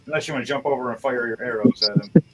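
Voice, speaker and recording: A man running a tabletop game as game master, voice at an ordinary middle pitch. He narrates combat with vivid, gory, profane detail. Music plays clearly behind him. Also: racing, rough recording. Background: music playing.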